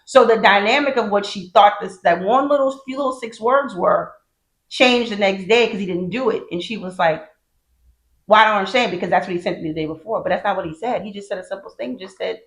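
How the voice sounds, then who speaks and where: A woman's voice: mid-range voice, a little fast, reverberant, poor audio. A woman co-hosting a casual podcast, telling stories and acting out quotes. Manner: chatty storyteller, acts out quotes. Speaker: podcast co-host.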